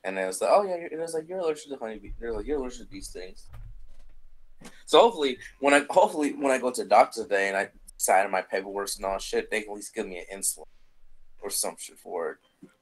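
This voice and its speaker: A man's voice: on the low side, lively intonation, fast, poor audio. Rambling young man chatting casually. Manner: rambling, repeats himself, swears casually. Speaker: podcast co-host. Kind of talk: casual chat.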